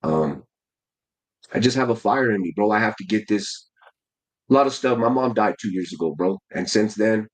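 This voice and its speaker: A man in his forties with a low, husky voice talks casually about his training. He drops slang, calls the listener "bro" constantly and often stops and restarts his sentences. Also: animated, moderate pace, low-quality recording. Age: 40s. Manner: slangy, keeps saying "bro", many restarts. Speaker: amateur heavyweight boxer, guest. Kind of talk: casual interview storytelling.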